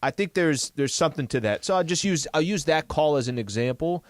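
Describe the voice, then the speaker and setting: Thoughtful American sports radio co-host. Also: male voice, on the high side, expressive, fairly quick, dry recording, clean studio sound. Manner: reflective, hesitant restarts. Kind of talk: casual sports talk.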